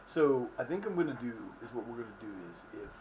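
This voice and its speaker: A man's voice: mid-range voice, lively intonation, fast talker, lo-fi sound, slight background noise. A man streaming live and chatting casually over his game, rambling with frequent restarts and fillers. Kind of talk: casual live gameplay commentary.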